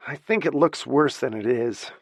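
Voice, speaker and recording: A man's voice: mid-range voice, normal speed, breathy edge, dry recording, studio quality, pitched above the performer's own voice. A man voicing a shaken woman lawyer who speaks in a trembling, embarrassed way. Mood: wry. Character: female lawyer, shaken after a fall.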